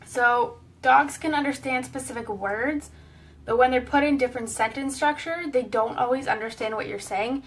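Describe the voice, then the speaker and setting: Woman, casual online lesson, friendly explainer, slightly high voice, distant from the mic. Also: normal speed. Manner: friendly, explanatory, with small fillers. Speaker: pet wellness educator.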